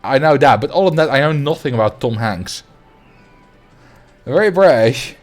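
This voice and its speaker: A young man chats casually through a game livestream, rambling as he answers viewers. His pitch swings freely up and down at a middling level. Soft music plays faintly behind him. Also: lively intonation, normal speed. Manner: rambling, chatty, reads and answers chat. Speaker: streamer. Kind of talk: casual livestream chat while playing.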